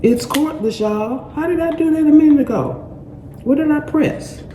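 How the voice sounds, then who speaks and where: Hosting her gardening channel, this middle-aged woman laughs and exclaims her way through an unboxing, repeating herself and addressing viewers as y'all. Her voice is high-pitched and dark-toned at a moderate pace. Clatter echoes around the room, with slight background noise.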